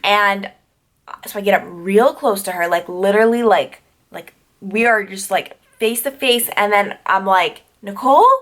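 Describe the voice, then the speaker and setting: A woman's voice: medium pitch, a bit bright. A young adult woman from New York telling a storytime vlog, chatty and full of "like" fillers and tangents. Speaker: YouTuber.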